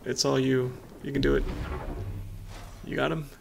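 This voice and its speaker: A man giving excitable, panicky live commentary on his own gameplay, muttering to himself between outbursts. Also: mid-range voice, moderate pace, creaky, faint music behind. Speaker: gameplay streamer. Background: loud gunfire from the game.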